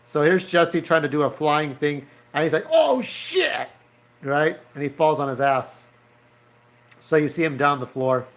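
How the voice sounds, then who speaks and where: A man's voice: on the high side, fairly even intonation, normal speed, a bit bright. A man in his thirties telling a story in a casual vlog, rambling and swearing as he acts out the characters. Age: 30s. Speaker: vlogger.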